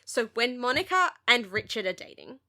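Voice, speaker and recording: A woman, co-hosting a podcast and chatting casually in an animated, sweary rant full of "like". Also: a little high, moderate pace. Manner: animated, sweary ranting with lots of "like". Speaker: podcast co-host. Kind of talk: casual chat.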